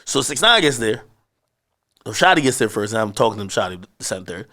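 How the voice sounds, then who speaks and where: A man telling a story in a casual interview, cursing freely and acting out shouted lines from the people in it. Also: lowish voice, a little fast. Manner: animated storyteller, acts out shouted quotes; profane, slangy. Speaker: interview guest.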